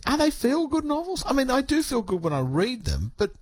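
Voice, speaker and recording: A man hosting an interview, asking animated, enthusiastic questions. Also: very high voice, fairly quick, no room sound. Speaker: interviewer host.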